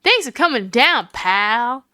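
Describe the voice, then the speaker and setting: A woman reading the lines of a gruff, loyal male police detective in a slightly lowered voice. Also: very animated, takes it slowly, sharp tone, no room sound, studio quality, full character voice.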